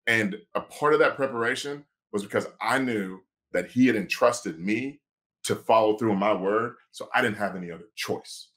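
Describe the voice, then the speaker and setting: Man, podcast storyteller, low-pitched, animated, quotes people in voices. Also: moderate pace. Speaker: sports agent and lawyer.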